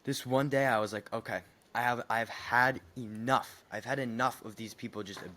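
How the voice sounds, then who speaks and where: A young man chatting on a podcast, telling a story in a heated, animated way with some swearing. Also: mid-range voice, normal speed, slight background noise. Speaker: podcast co-host. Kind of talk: casual podcast chat.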